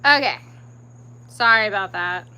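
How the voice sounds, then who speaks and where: A woman's voice: medium pitch, animated, a little slow, pushed and bright, clear, resonant tone, low-quality recording. A woman hosting a crafting livestream, chatting casually and ranting in exasperation, sometimes muttering under her breath. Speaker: crochet livestream host.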